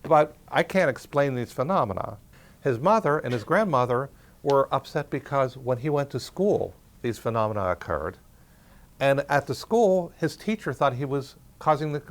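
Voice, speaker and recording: A man, a researcher, telling a story in a relaxed conversational talk and acting out the quoted dialogue. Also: mid-range voice. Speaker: parapsychology researcher.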